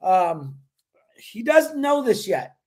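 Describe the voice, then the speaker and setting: A man's voice: high-pitched, big pitch swings, takes it slowly. A man hosting a livestream, talking in an earnest, rambling way and thanking viewers by name; he is emotional. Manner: earnest, religious. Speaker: livestream host.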